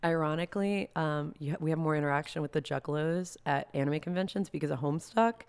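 A woman's voice: deep voice, fast talker, a little mellow, smooth. A young woman, a guest artist, telling long, rambling, self-deprecating stories in a casual chat. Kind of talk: casual storytelling.

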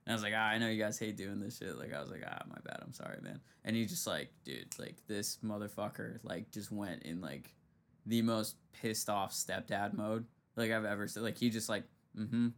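A man's voice: lowish voice, normal speed, fairly bright tone. A young man hosting a casual chat, telling slangy, profane stories and acting out the people in them. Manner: slangy and profane, storytelling with acted quotes. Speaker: podcast host.

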